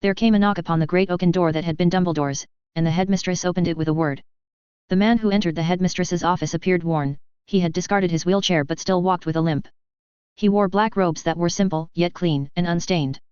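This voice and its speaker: A woman narrating a story in a steady, measured reading voice. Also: on the low side, clean tone, no room sound, highs cut off. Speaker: audiobook narrator. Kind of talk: scripted narration.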